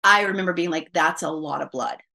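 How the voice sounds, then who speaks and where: A woman's voice: lowish voice, brisk, vocal fry, pushed and bright. A woman guest on a podcast, telling a personal story casually and quoting her own thoughts aloud with many fillers.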